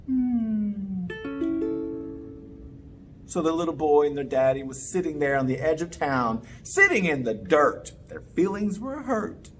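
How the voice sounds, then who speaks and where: A man telling a children's story in a playful, animated way, inviting the kids to join in. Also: on the high side, moderate pace, hardly any pauses, soft background music. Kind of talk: interactive children's story time.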